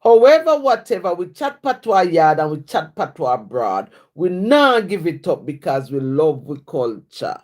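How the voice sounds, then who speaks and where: Speaking at normal speed with hardly any pauses, a lowish-voiced woman from Jamaica performs her own rhyming poems in rhythmic patois. This writer and poet, with her Jamaican accent, then moves into relaxed live-stream chat with viewers, full of fillers.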